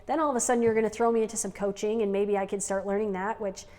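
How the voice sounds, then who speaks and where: With a long reverb on the recording, a woman co-hosting an unscripted podcast with her partner talks fast in a medium-pitched, darkish voice with fairly even intonation. She rambles, sprinkling in "like" and "right?" frequently.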